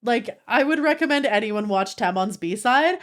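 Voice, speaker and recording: In an animated, fairly bright voice on the high side, a young woman streams and chats casually at a measured pace. She gushes, giggles, breaks into laughter, and leans heavily on "like" while talking to viewers.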